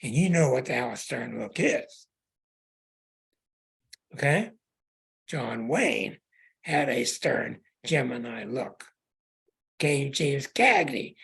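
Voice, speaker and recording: Man, astrologer host, call-in chart reading, husky, very animated pitch, emphatic and repetitive. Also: slow, pauses often. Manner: emphatic, repetitive, plain-spoken.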